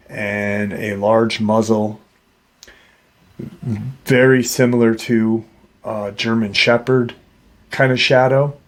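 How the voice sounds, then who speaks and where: A man hosting a paranormal channel, retelling a witness's encounter in a halting way, with many fillers and restarts. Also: medium pitch.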